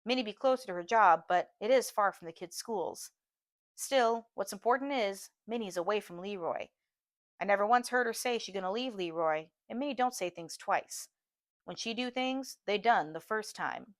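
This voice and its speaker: A woman's voice: mid-range voice, moderate pace, no room sound. Brief: female reader, first-person audiobook, earnest, dry close mic. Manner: steady, earnest storytelling.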